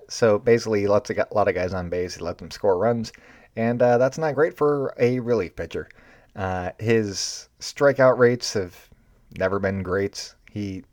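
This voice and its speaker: A man with a low-pitched voice hosts a baseball show, riffing off the top of his head. His tone is sarcastic and ranting. The recording is dry and close, with no room sound. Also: darkish tone, dry recording. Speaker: baseball podcast host. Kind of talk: unscripted sports commentary.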